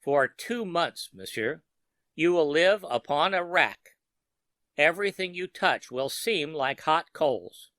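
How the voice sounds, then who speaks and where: A man voicing a sinister male wizard who speaks in a slow, menacing and precise way. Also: a little high, expressive, fairly bright tone, no echo, studio quality.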